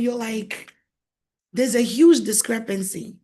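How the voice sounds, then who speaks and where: An animated woman marriage coach leads a faith-based teaching session, laughing often, voicing the people she quotes and repeating key phrases. Her voice is on the high side and gravelly with a breathy edge, at a moderate pace.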